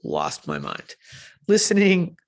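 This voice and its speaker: A woman's voice: on the low side, wildly swooping pitch, slow. A woman giving a conversational conference talk on leadership, often asking "right?" and correcting herself with fillers as she goes.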